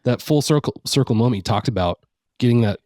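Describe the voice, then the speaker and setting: A man's voice: medium pitch, lively intonation, fast talker, mellow, no room sound, studio quality. A man hosting a podcast, reflecting on his guest's story and relating it to his own experience. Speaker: podcast host. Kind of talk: casual interview chat.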